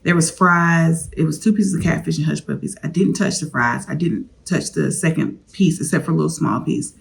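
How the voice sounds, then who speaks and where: A woman's voice: low voice, moderate pace, vocal fry, slight background noise. A woman vlogger candidly telling a personal story, confiding straight to her viewers.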